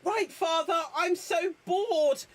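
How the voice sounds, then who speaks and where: A man's voice: very high-pitched, slow, voice pushed up. A man voicing bored, whiny young children in an improvised movie spoof.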